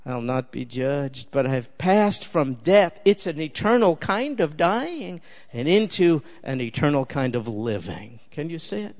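Emphatic older male preacher, fairly high voice. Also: lively intonation, moderate pace, a little mellow. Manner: emphatic, conversational, direct address to listeners. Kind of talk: sermon.

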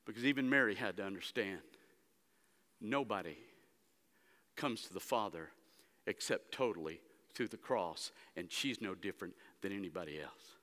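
Forceful man preaching in an echoing church. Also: sits low, normal speed. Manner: dramatic preaching, swinging between hushed and loud emphatic stretches. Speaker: pastor. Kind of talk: sermon. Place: church sanctuary. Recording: long hall reverb.

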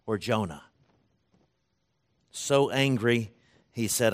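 A man delivering a sermon at a middle pitch. He speaks in a loose, conversational way, restarts phrases often, and slips into the voices of the people he quotes. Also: animated, measured pace. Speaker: preacher.

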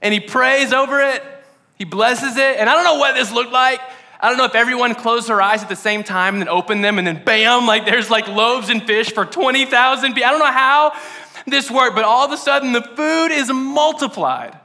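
A man's voice: very high-pitched, moderate pace, pushed and bright. A man preaching in a casual, playful, conversational way on a podcast sermon. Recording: long hall reverb.

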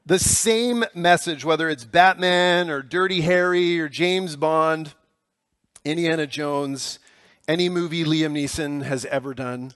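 A young male pastor delivers his sermon in a loose, conversational way, stumbling and restarting often. His voice sits a little high for a man. The sound is close and dry, with no room echo. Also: a little slow. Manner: casual, hesitant with many fillers and restarts; hushed, soft prayer.

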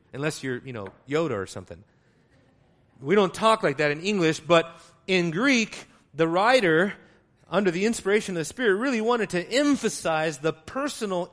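A man preaching a sermon, teaching from the Greek text, moving between quiet asides and loud, stressed words. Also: high-pitched. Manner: teaching, explains Greek wording.

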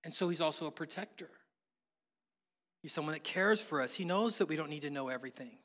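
A middle-aged man with a notably high voice preaches a sermon in an easygoing, conversational way, mixing teaching with funny family stories. His voice rings out with a long reverb, as in a large hall. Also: lively intonation, fast, fairly bright tone. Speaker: pastor.

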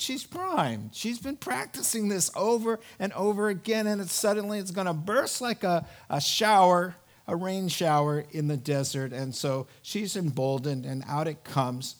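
Animated male preacher, higher voice. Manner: animated storytelling, acts out biblical characters' lines. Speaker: pastor. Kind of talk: sermon.

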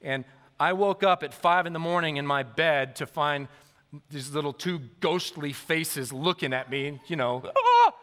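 Male pastor, thirties, animated storyteller with a raised, bright, forceful voice, long hall reverb. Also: on the high side, unhurried. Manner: lively, animated storytelling to a congregation. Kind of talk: sermon.

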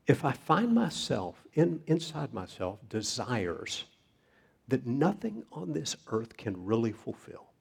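A man preaching a sermon, reading scripture in a measured way. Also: medium pitch, sing-song, vocal fry, breathy edge. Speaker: pastor.

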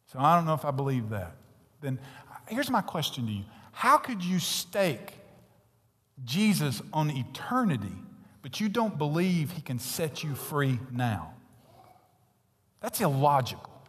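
A man preaching a sermon, blunt and intense, swinging from loud peaks to hushed whispers. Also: a little high, sing-song, moderate pace, slightly rough, big-room sound. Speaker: pastor.

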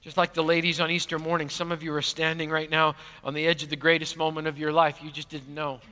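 Male pastor, bright, high voice, animated sermon delivery, big reverberant church hall. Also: fast talker. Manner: animated, swings from loud to hushed. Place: large church auditorium.

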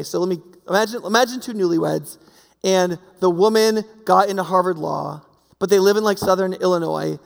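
High, gravelly-voiced preacher in a big hall. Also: male voice. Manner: conversational, full of fillers and rhetorical questions. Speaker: pastor. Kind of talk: sermon.

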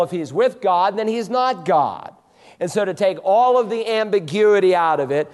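A male pastor preaching a sermon, with an emphatic preacherly cadence and sudden slow, stressed phrases. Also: sits high, darkish tone.

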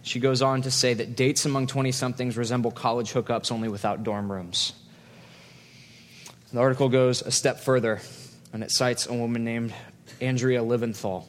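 A man's voice: medium pitch, steady tone, normal speed. A man, a pastor, preaching a conversational sermon in a church and telling stories with quoted asides. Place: church hall. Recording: long hall reverb.

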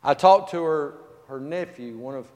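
A man preaching a sermon as pastor, telling a personal story, swinging from loud emphasis to hushed, soft passages. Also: fairly high pitch, moderate pace. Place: church sanctuary. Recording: long reverb of a church hall.

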